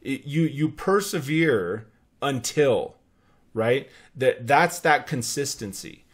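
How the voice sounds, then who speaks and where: A man in his forties hosting a podcast, giving an energetic motivational talk with anecdotes and frequent restarts. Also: mid-range voice, takes it slowly, slightly rough. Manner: energetic, repeats words and restarts, tells anecdotes. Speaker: podcast host.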